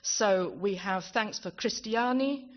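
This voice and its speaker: Taking it slowly in a mid-range voice, a woman offers thanks on stage at a conference's closing ceremony. Her manner is chatty and self-deprecating, and she stumbles over her words. She holds a handheld microphone, and the hall audio is dull with audience noise behind her.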